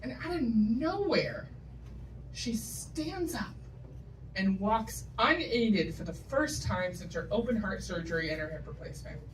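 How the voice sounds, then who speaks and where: A woman's voice: mid-range voice, animated, a little slow, a little hiss or hum. A woman doing a stand-up comedy set, telling wry, self-deprecating stories with punchy asides, from New England. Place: comedy stage before a live audience. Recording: live stage recording, mic from a distance, loud audience.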